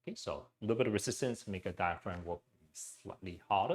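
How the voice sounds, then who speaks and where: A man leading a guided breathing exercise class into his own mic, speaking gently, with frequent "okay" and "um". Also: deep voice, lively intonation, fast. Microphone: personal mic.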